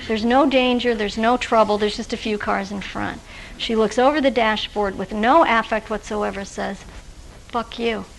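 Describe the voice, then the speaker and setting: A woman's voice: fairly high pitch, fairly even intonation, normal speed, gravelly, background noise. A woman presenting a workshop lecture to social workers, talking in a conversational way with fillers and restarts. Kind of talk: recorded workshop lecture with personal anecdotes. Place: lecture room with a live audience.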